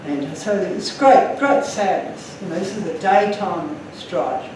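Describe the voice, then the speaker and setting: Man giving a talk, earnest and emotional, high-pitched, recorded from afar in a reverberant room. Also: takes it slowly, noisy background. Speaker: speaker. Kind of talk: illustrated talk to an audience. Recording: echoey room from far off.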